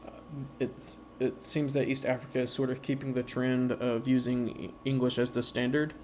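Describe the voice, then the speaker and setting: A man giving an informal slideshow presentation, halting with many fillers and slowing down to sound out example words. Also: medium pitch, level tone, a little mellow, slight background noise.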